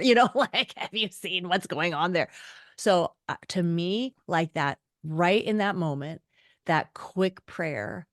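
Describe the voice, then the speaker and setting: A middle-aged woman author, a guest on a podcast, chatting and telling lively stories, acting out the voices of people she quotes. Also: fairly low pitch, measured pace, no room sound, clean studio sound. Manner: animated storyteller, acts out quoted voices. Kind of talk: conversational interview.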